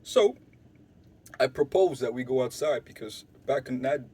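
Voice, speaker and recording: A man's voice: mid-range voice, normal speed, breathy edge. A young man from Canada telling a wild story in casual slang, swearing freely and acting out other people's lines. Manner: animated, swearing, acts out quotes loudly and softly.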